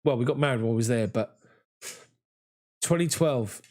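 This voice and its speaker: A man, hosting a live fan chat after a match and reading viewer comments in an excitable, chatty way. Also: mid-range voice, moderate pace. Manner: excitable, chatty, mimics voices in anecdotes. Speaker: fan channel host.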